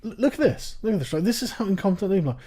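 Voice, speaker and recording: Host, male, profane sarcastic ranter, lively pitch, warm low timbre. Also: racing, breathy edge. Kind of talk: casual political chat.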